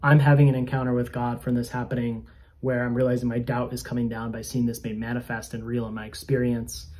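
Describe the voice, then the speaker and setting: Mid-range and darkish in tone, this spiritual coach and video host talks fast with a flat delivery. He recounts a personal faith testimony earnestly and conversationally, sounding slightly self-conscious.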